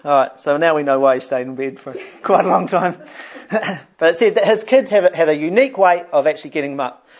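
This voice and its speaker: A man delivers a sermon with a fairly high voice. He talks in a conversational way and restarts phrases as he goes. The recording sounds dull and lo-fi. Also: fairly quick. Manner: conversational, repeats words while thinking. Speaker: preacher.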